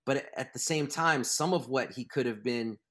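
Male author guest, mid-pitched, emphatic and animated, talkative interview style. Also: normal speed. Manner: animated, emphatic, restarts thoughts. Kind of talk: interview conversation.

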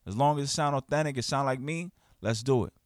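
A man hosting his own podcast, talking in an animated, emphatic, slangy way and acting out quoted friends. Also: mid-range voice, fast talker, no room sound, clean studio sound. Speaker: podcast host. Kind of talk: casual podcast monologue. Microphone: studio podcast mic.

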